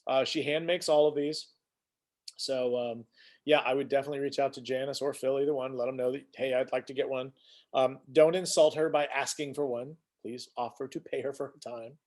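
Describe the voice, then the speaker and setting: A man's voice: medium pitch, steady tone, brisk, darkish tone. A man hosting a casual weekly live stream, rambling as he greets viewers by name and shares news. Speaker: host.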